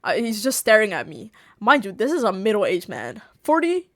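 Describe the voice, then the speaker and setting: A woman streamer telling a story to her viewers in a casual chat, animated, laughing often and swearing freely. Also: medium pitch, moderate pace. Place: home streaming setup.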